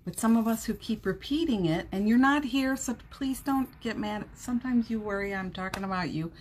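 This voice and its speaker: A woman hosting a live-streamed motivational podcast from home, chatting warmly, laughing often and reading viewer comments aloud. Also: on the high side, fairly quick, slight background noise. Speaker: podcast host. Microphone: streaming setup at home.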